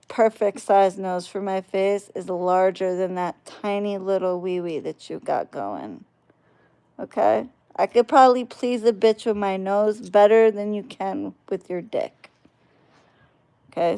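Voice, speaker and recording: Slow-talking profane woman ranting. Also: mid-range voice, creaky, a little mellow, clean tone. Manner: profane, combative, mocking. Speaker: video channel creator. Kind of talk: ranting vlog.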